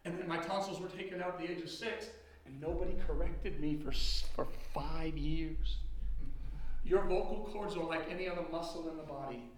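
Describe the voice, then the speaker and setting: A middle-aged man preaching a sermon in a loud, booming drill-instructor voice, heard in a church hall. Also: moderate pace, a little hiss or hum. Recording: echoey hall from far off.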